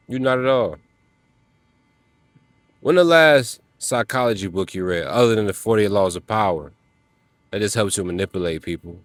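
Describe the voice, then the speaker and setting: A man's voice: fairly low pitch, no room sound. A man giving a motivational talk to other men, emphatic and preachy, speaking in casual slang. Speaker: self-help vlogger.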